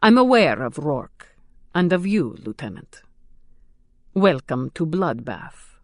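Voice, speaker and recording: A woman voicing a suave, menacing male nightclub owner with a trace of an Eastern European accent, speaking smoothly and unhurriedly. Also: low-pitched, big pitch swings, no room sound, studio quality, full character voice. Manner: smooth, unhurried, quietly mocking.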